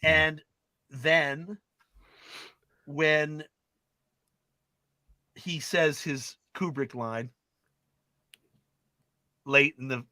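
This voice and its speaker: A man's voice: fairly high pitch, fairly even intonation, very slow, pauses often, sharp tone, no echo. A man retelling film scenes in casual chat, acting out the characters' lines as he goes. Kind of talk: animated storytelling in casual chat.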